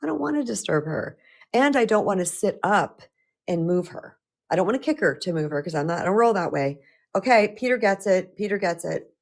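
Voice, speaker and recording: A middle-aged woman coach talking casually on a live stream, chatty and animated, often restarting her sentences. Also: mid-range voice, fairly quick, gravelly. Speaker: spiritual empowerment coach.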